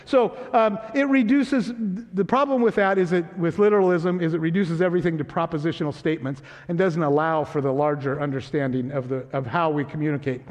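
A man with a notably high voice delivers a sermon in a church sanctuary, his words trailing off into a long hall reverb. He preaches in an easy, conversational way, teasing gently and checking in with his congregation. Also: fairly even intonation, fairly quick, few pauses. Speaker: pastor.

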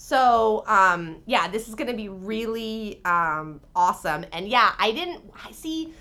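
Young woman co-host, casual podcast; sharp bright tone, very expressive pitch, loose foul-mouthed chatter. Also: a little slow. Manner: animated, swears freely, rambling asides. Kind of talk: casual true-crime podcast chat.

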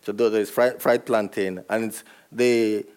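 A man's voice: fairly low pitch, fairly even intonation, normal speed, a little mellow, clean tone. A man from Nigeria, a novelist, answering audience questions at a book event and often laughing as he explains. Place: event room with a live audience.

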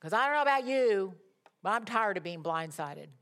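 A woman delivers a sermon in a lively, swinging voice. She climbs high and loud for her declarations, then falls back to quiet, conversational asides to the congregation. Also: moderate pace. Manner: impassioned, rising to loud declarations; drops to soft asides. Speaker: preacher.

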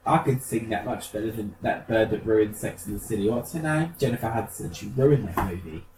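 A man's voice: lowish voice, brisk, echoey room, distant mic, noisy background. A man co-hosting a podcast, telling camp gossipy stories with plenty of swearing. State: feeling unwell. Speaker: podcast co-host. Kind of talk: casual chat.

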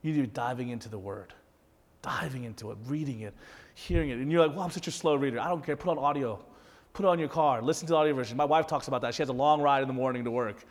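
A man's voice: mid-range voice, fast talker. Conversational male pastor in a reverberant hall. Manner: conversational, animated, addresses audience directly. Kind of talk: sermon.

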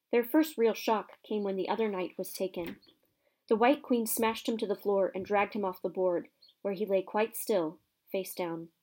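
Female storybook narrator; expressive, lively read-aloud. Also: mid-range voice. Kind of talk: reading a children's fantasy novel aloud.

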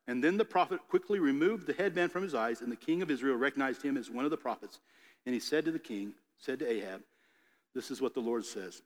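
A man's voice: mid-range voice, lively intonation, brisk. Man preaching in a reverberant hall. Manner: reads scripture then retells it in casual voices. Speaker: pastor. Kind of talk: sermon with scripture reading.

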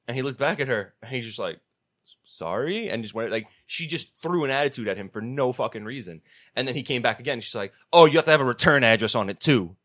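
A man's voice: medium pitch, expressive, a bit bright. A man co-hosting a podcast, rambling through crude stories with constant swearing. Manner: rapid rambling storytelling, heavy swearing. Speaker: podcast co-host. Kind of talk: casual crude chat. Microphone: studio microphone.

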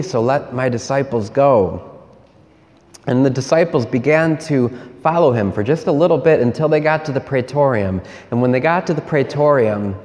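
A man, a priest, giving a sermon in a slow, measured way with repeated refrains. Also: mid-range voice, a little mellow, long reverb tail.

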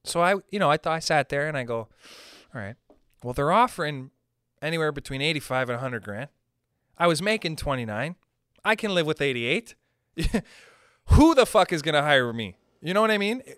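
A young man from Canada doing a rambling, profane stand-up monologue, pushing his pitch up and down for emphasis. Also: sing-song, normal speed, pauses often, a bit bright, smooth, no echo, studio quality. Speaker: stand-up comedian.

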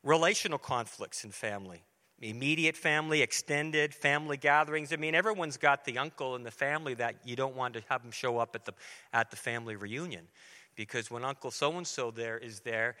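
Here the same kind of sermon comes from a middle-aged man at medium pitch, his delivery pushed and bright. He addresses the congregation earnestly yet conversationally, acting out dialogue, and the sanctuary gives a long hall reverb.

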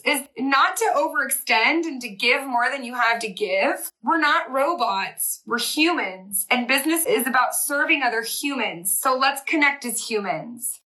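A woman host and business coach giving a fast, chatty live-stream pep talk and reading viewer comments aloud. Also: sits high, sharp tone, low-quality recording.

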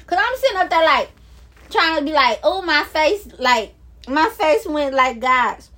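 A woman records herself on her phone, speaking in a very high voice and pouring out excited praise. She stretches words out and drifts into half-sung exclamations, taking it slow and unhurried. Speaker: vlogger. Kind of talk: excited casual vlog talk about faith.

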